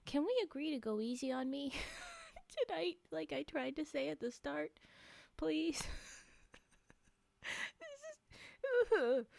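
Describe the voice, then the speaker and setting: Giggly high-voiced woman streamer, unhurried. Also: gravelly, a little mellow, no echo. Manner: giggly, rambling, self-mocking. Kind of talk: casual live-stream chat. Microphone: desk microphone.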